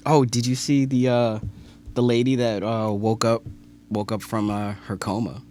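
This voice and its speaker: A man's voice: mid-range voice, little pitch movement, normal speed, warm tone. A man co-hosting a podcast in casual chat, joking, cursing freely and laughing often. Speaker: podcast co-host.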